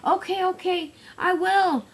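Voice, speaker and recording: A woman's voice: very high-pitched, fairly even intonation, unhurried, voice pushed up. A woman voicing a nervous, whiny male engine sidekick in a homemade toy-train story, complaining in a flustered way.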